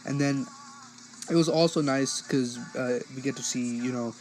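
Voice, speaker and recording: A man talks through an episode review in a loose, rambling way, full of fillers and restarts. His voice sits at an ordinary middle pitch. Soft music plays faintly underneath. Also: fairly even intonation, normal speed, rough recording. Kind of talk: casual spoken review.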